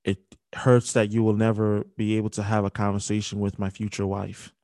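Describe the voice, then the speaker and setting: Grieving young man, low flat voice. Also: dry recording. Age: young adult. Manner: halting, grieving, with restarts. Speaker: podcast host. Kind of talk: emotional spoken dedication.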